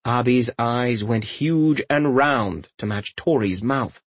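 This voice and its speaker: A man narrating a fantasy audiobook with lively, expressive storytelling. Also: mid-range voice, slow, no room sound. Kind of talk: scripted narration.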